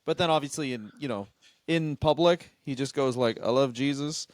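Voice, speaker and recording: A man's voice: medium pitch, normal speed, a little mellow, no room sound, clean studio sound. A man co-hosting a comedy podcast, telling rambling stories and acting out what people said. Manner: rambling storyteller, acts out quotes. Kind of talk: casual comedic chat.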